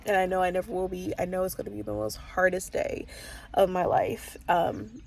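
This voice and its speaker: A woman's voice: on the low side, sing-song, moderate pace, darkish tone, slight background noise. A woman chatting casually in a book vlog, rambling with lots of fillers and restarts, openly emotional. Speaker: book vlogger. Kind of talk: casual reading vlog chat. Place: parked car.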